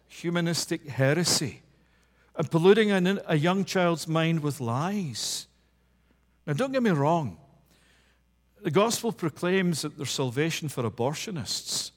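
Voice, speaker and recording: A man preaching a sermon, impassioned, swinging between loud emphasis and low hushed passages. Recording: long reverb of a large hall.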